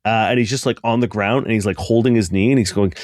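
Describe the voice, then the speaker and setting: A man's voice: fairly low pitch, fast, a little mellow, no echo. Male game master, rambling, dry studio sound. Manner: rambling, full of fillers. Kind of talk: narrating a tabletop game.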